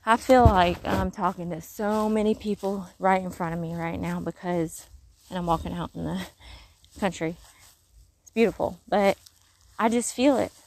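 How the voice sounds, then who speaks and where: A woman's voice: lowish voice, normal speed, slight background noise, low-quality recording. Earnest woman preaching on a country walk. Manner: earnest, rambling, with soft whispered asides. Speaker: faith vlogger. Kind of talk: casual spiritual encouragement while walking. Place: outdoors in the countryside.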